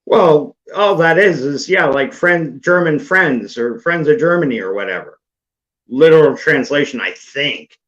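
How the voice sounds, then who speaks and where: Guy hosting a nerd chat stream, highish voice, tells stories and laughs, muffled audio. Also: expressive, a little slow, fairly bright tone. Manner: storytelling, laughing at his own anecdote. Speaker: host. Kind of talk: casual group chat. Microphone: online call.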